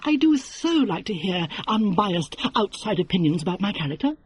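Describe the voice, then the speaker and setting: A man's voice: high voice, sing-song, moderate pace, breathy edge, no room sound, voice pushed up, exaggerated voice. A man voicing a sarcastic young woman novelist in an audiobook, keeping her tone light, airy and mock-polite. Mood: airy sarcasm. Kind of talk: audiobook character voice.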